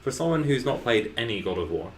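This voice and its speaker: A man's voice: mid-range voice, very animated, quick pace, reverberant, a little hiss or hum, poor audio. A man co-hosting a podcast, making laid-back, wry remarks in casual chat. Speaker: podcast co-host.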